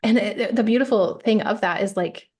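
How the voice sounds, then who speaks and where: A woman's voice: medium pitch, normal speed, darkish tone, breathy edge. A woman coach talking as a podcast guest, reflective and emphatic, often checking in with "right?". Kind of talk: casual interview chat.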